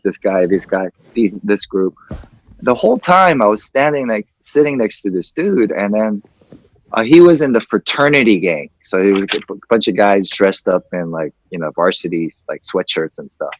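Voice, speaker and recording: A man's voice: on the low side, no room sound, low-quality recording. A man in his forties hosting a podcast over a video call, telling a long, rambling story and acting out the quoted lines. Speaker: podcast host.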